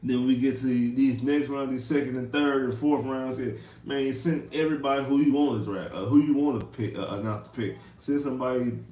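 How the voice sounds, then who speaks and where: A man hosting a livestream and ranting about sports in casual slang. He repeats himself, swings from loud outbursts to mutters, and sounds exasperated. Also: mid-range voice, steady tone, fairly quick, hardly any pauses, echoey room, a little hiss or hum. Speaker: livestream host.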